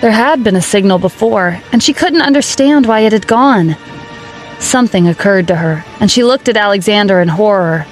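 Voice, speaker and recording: Woman reading a romance story out loud, steady voice, faint music under it. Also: medium pitch, normal speed. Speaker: narrator. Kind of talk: scripted narration.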